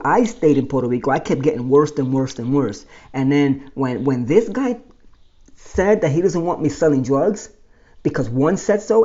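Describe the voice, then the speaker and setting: Man, storyteller, animated, mellow voice, slightly dull lo-fi recording. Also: a little high. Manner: animated, explains with pointing and numbering. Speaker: host telling his life story. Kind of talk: casual personal storytelling.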